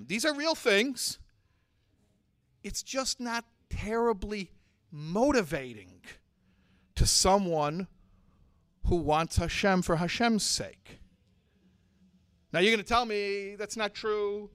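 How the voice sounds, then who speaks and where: A man with a high, keen voice delivers a community sermon, dropping low for stories and building to forceful exhortation. The sound is close and dry, with no room around it. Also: no room sound. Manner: impassioned, swinging from hushed storytelling to forceful exhortation. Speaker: Torah teacher and speaker.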